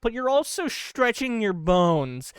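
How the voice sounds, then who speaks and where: A man's voice: very high-pitched, very animated, slow pace, smooth, dry recording, studio quality. Goofy rambling male comedy host. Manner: loose, goofy, full of filler asides; breaks into laughter mid-line. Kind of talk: rambling comic monologue.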